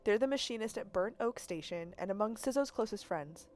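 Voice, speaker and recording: Woman reading as a gentle guardian woman. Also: medium pitch, expressive, brisk, slight background noise, natural voice. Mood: tender farewell. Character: gentle older woman guardian giving farewell. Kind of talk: reading game dialogue aloud on stream.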